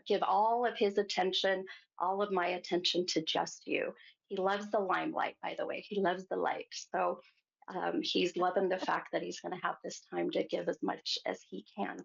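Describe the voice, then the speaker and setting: A woman hosting a psychic show, giving a gentle reading to a caller and calling her hon. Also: mid-range voice, gravelly, slightly rough. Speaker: psychic medium host. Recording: muffled lo-fi sound.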